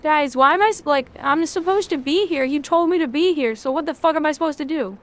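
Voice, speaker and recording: A woman's voice: sits high, a little fast. A woman streaming a video game, chatting casually with her chat, rambling and swearing freely.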